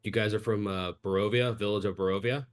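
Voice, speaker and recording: A man's voice: on the low side, fairly even intonation, fast talker, lightly acted. A man voicing a chatty, friendly male town guard who rambles and speaks a bit awkwardly.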